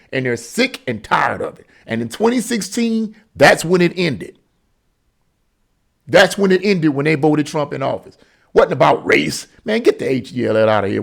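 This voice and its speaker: A man delivers an opinion monologue with a high, animated voice that swings widely in pitch. His tone is gravelly and he hammers his points through repetition. He talks like a commentator exhorting his audience. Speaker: political commentator.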